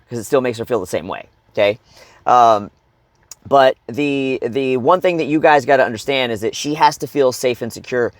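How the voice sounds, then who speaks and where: A middle-aged man coaches other men in a raw, profane style, peppering every point with "right?" and "okay?". His voice sits somewhat high and swings widely in pitch, now and then leaping into mock shouted outbursts. The sound is dry and close, with no room around it. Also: no room sound. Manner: blunt and swearing, with constant "right?" and "okay?" tags; acts out shouted angry outbursts. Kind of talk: profane motivational talk to men.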